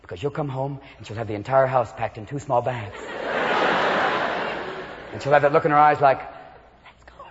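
A male stand-up comedian performing a manic routine, shouting and jumping in and out of voices before a live audience. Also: medium pitch, a little fast, long pauses, heavy background noise. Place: large venue with a live audience. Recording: lo-fi live hall recording with crowd.

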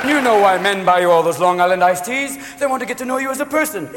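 A man doing live stand-up comedy, jumping manically between bits and quick character voices. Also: sits high, expressive, background noise. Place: large live venue with audience. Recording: live hall recording with crowd laughter.

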